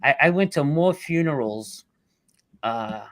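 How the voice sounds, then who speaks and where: A middle-aged man, a rescue worker telling his story in an interview, blunt and halting, fighting back tears. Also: a little high, animated, fairly bright tone, dry recording. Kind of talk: emotional storytelling.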